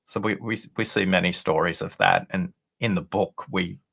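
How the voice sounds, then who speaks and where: A man's voice: low-pitched, steady tone, normal speed, gravelly, a bit bright, slightly rough. A man, an author and guest on a leadership show, telling a story in an earnest, explanatory way over a video call. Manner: earnest, explanatory, acts out quoted dialogue. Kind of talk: conversational storytelling.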